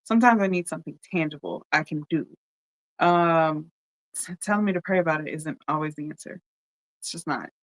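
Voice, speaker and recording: A podcast host in a heartfelt solo talk, speaking openly and directly to the audience and often asking "right?" between thoughts. The voice is smooth and resonant. The recording is close and dry, with no room sound. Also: medium pitch, a bit bright, dry recording, low-quality recording. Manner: candid, talks straight to listeners, often checks in with "right?"; pauses with frequent ums. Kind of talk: casual heartfelt podcast monologue.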